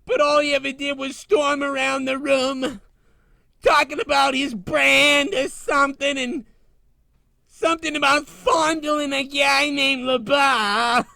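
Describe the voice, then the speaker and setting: A man's voice: very high-pitched, steady tone, takes it slowly, vocal fry, sharp tone, no echo, heavily acted. A man voicing an abused male house cat who wails, sobs and meows between complaints in a comedy podcast bit. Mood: whiny. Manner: wailing, sobbing, meowing between complaints.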